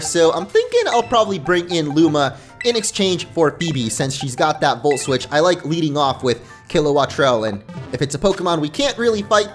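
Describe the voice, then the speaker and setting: A man hosting a let's play, giving upbeat, excitable gameplay commentary. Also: on the high side.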